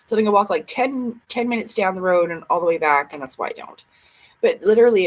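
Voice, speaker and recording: Woman livestream host, husky voice, chatty and rambling, everyday casual talk. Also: mid-range voice, rough recording. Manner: chatty, rambling, talks to herself and viewers.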